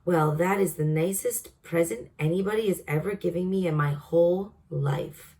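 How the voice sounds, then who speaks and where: A woman reading aloud and voicing a big, kindly male giant who talks slowly and jumbles his words, heard from a distance. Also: fairly low pitch, a little mellow, natural voice. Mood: earnest. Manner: slow, earnest, mangled grammar. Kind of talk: storybook read-aloud.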